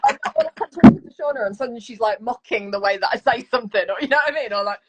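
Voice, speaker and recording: A woman's voice: mid-range voice, racing, noisy background. A woman from England with a Leicester accent, chatting as a guest author over a video call, swearing freely and filling her talk with "like" and "you know". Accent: Leicester English. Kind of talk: casual video call chat.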